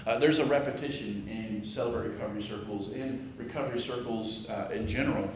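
A male pastor delivers a conversational sermon full of jokes and rhetorical questions, speaking briskly in a voice on the low side. The room is echoey, and background noise is clearly audible.

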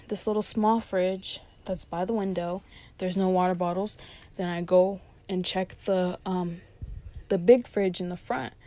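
A young woman with a mid-range, slightly mellow voice casually tells a long story about her fast-food job. She's chatty, uses plenty of fillers, and quotes her coworkers along the way.

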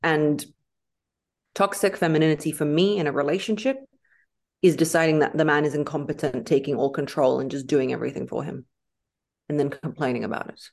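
A woman, a podcast guest in casual interview chat, talking emphatically and acting out quoted lines in lively voices. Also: sits low, a little fast, gravelly.

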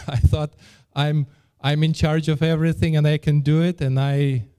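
A man preaches a sermon in a warm, mellow voice that sits a little high for a man. He speaks earnestly and often stumbles over and repeats his words as he restarts a phrase. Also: flat delivery, a little slow, clear, resonant tone. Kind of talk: sermon with a personal story.

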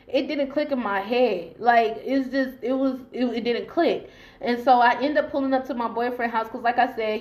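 A woman telling a personal story casually on her podcast, blunt and profane, acting out the dialogue in raised voices. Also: on the high side. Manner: blunt and profane, lots of restarts. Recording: dull lo-fi podcast audio.

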